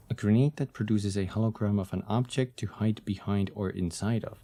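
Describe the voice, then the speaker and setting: A man streaming a video game, chatting excitedly and reading the game text aloud. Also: lowish voice, a little fast. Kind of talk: casual gameplay commentary.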